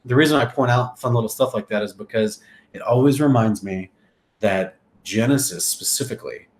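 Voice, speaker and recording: Hosting a Bible study, a man reads scripture aloud and throws in chatty, jokey asides. His medium-pitched voice is brisk, and the recording is reverberant.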